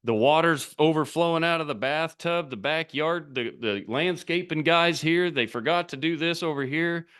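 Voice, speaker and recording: A man's voice: on the high side, moderate pace, few pauses, clear, resonant tone. A man giving a business coaching talk straight to camera, urging his viewers and firing off rhetorical questions. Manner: animated, urging, asks many rhetorical questions.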